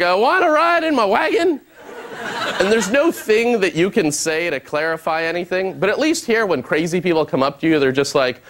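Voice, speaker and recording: Halting, lively-voiced stand-up comedian man. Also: a little high, background noise. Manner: deadpan, halting delivery with many uhs. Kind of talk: stand-up set. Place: studio stage before an audience.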